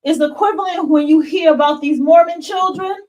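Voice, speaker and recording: Talking fast in a high, somewhat mellow voice, this livestream podcast host delivers a blunt, passionate monologue to her chat, cursing and calling everyone y'all. The mic is distant and the recording rough.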